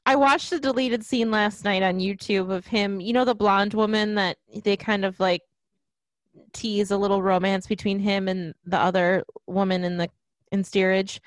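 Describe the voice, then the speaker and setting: A woman's voice: mid-range voice, fairly even intonation, normal speed, no echo. A young woman in casual chat about a film, chatty and laughing at her own jokes.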